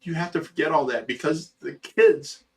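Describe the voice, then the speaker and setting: A man's voice: a little high, moderate pace, gravelly, recorded from a distance. A middle-aged man hosting a livestream, reading chat aloud and giving blunt, profane, earnest fatherly advice.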